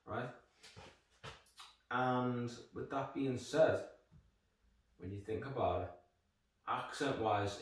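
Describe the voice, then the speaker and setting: A man's voice: medium pitch, recorded from a distance. A man with a Liverpool Scouse accent reviewing a beer in rambling, jokey, sweary chat. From Liverpool, England. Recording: echoey room, voice off-mic.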